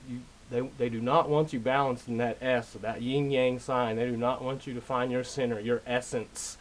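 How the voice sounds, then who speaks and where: A man's voice: medium pitch, steady tone, moderate pace, poor audio. Rambling, insistent man talking to camera. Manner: rambling, insistent, often says "you know"; clears throat and chuckles often. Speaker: video lecturer. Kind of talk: casual monologue.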